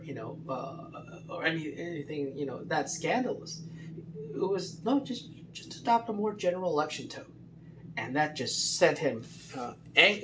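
A man giving casual, rambling political commentary with many fillers and restarts. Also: a little high.

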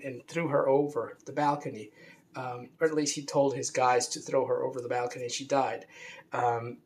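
A man's voice: mid-range voice, fairly even intonation, moderate pace. A man talking in a rambling, unscripted monologue, with many restarts and fillers and a scornful edge. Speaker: commentator on religion.

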